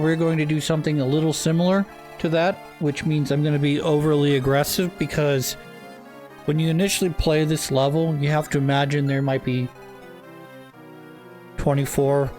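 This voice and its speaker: A man giving casual, unhurried gameplay commentary, filling pauses with "um" and "uh". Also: fairly high pitch. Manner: relaxed, with many fillers.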